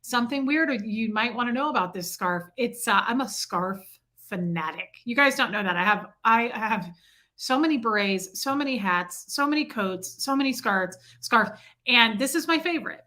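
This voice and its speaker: A woman's voice: on the high side, expressive, normal speed, sharp tone. A woman hosting a casual livestream, greeting viewers by name and chatting about her day; she mentions her son and living in Michigan. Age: adult with a child. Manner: chatty, reads out viewer names in a roll call. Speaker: livestream host.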